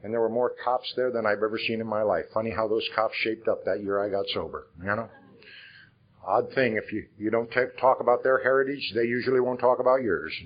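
An older Iowan tells his life story in a conference hall as a recovery conference speaker, frank and conversational and using rhetorical questions. He speaks a little fast in a lowish, fairly even voice, and the highs are cut off.

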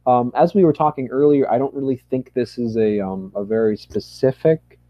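Podcast guest dude, lots of ums, hums bits of tunes, dry muffled lo-fi mic. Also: male voice, mid-range voice, moderate pace, dry recording. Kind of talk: casual podcast interview.

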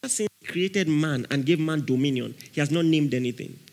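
A man preaching a sermon with fervor, calling out to his congregation and rising at times to shouts. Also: a little high, moderate pace. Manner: fervent, calls out to the congregation.

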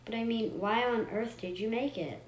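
A woman's voice: fairly high pitch, moderate pace, close to an everyday voice. A woman voicing an uneasy young girl who is reluctant and jumpy, reading with small stumbles. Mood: awkward. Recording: roomy echo, faint noise.

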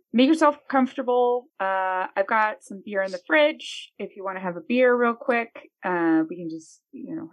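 A woman's voice: mid-range voice, low-quality recording. A woman playing her character in a tabletop game, wry and self-deprecating. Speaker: player. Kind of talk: in-character tabletop role-play.

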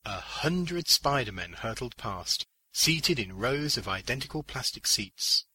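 A man narrating a short story in a measured, deliberate audiobook reading on a close mic. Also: medium pitch, sing-song, bright, forceful tone, slightly rough, rough recording. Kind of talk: scripted audiobook narration of fiction.

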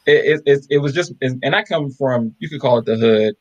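With medium pitch and normal speed, a man shares stories as a podcast co-host in easygoing conversation. The audio sounds dull, but his delivery is animated as he acts out quoted voices.

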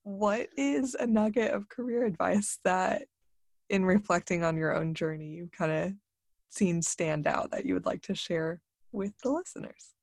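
A woman's voice: fairly low pitch, vocal fry, no room sound, studio quality. A woman hosting a podcast, chatting casually and asking questions in a bubbly, affirming way. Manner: bubbly, warm, quick to laugh and affirm. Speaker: podcast host. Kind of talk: casual interview chat.

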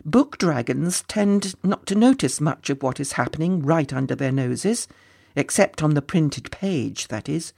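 Storybook reader, gravelly voice, playful chatty asides to the kids, mid pitch. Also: expressive, a little slow, darkish tone. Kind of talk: storybook narration.

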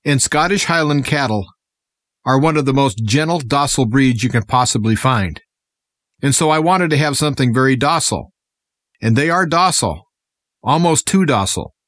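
A man's voice: mid-range voice, a bit bright, no echo, studio quality. A man guest-presenting a radio segment, talking in an earnest, impassioned way as he addresses listeners. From United States. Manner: earnest, impassioned political speaking. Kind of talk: scripted radio monologue.

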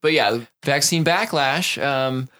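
A man's voice: mid-range voice, slow pace, bright, forceful tone. A man hosting a podcast, chatting casually about politics in a sarcastic, profane way. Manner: sarcastic, profane, mocking voices. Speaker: podcast host.

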